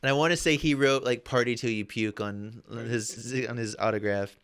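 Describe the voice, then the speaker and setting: A man hosting a podcast, talking in a relaxed, hesitant way with lots of fillers. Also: mid-range voice, moderate pace, clean tone. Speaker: podcast host. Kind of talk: casual conversational chat.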